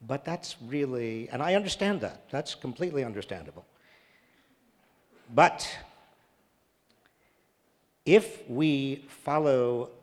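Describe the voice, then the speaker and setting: A man speaking at a public talk and answering audience questions, earnest and emphatic, repeating phrases for stress. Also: medium pitch. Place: large church hall. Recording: reverberant church hall.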